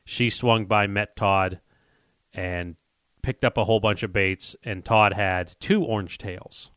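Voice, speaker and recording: A man's voice: on the low side, fairly even intonation, slow, fairly bright tone, no room sound, studio quality. A man hosting a casual podcast, telling a rambling story and acting out what other people said. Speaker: podcast host and lure maker.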